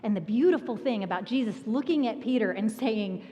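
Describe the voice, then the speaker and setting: A woman pastor preaching a sermon, telling a personal story with animated energy and laughter. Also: a little high, brisk. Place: church sanctuary. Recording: long reverb of a church hall.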